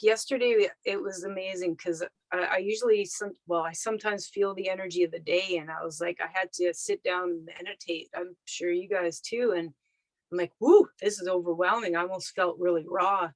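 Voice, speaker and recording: A woman's voice: medium pitch, no room sound, low-quality recording. A woman guest chatting casually in a podcast conversation, laughing often and acting out her own thoughts.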